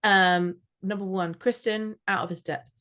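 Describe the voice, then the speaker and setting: A woman co-hosting a casual fan podcast, talking in an excitable, rambling way with frequent restarts. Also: mid-range voice, measured pace. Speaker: podcast co-host. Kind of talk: casual chat.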